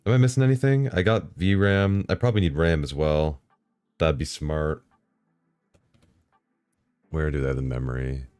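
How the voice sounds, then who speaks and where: A man live-streaming, talking casually to himself and his chat while setting up software, swearing and bursting into excited outbursts. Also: extremely low pitch, a little slow, pauses often, clear, resonant tone, no room sound.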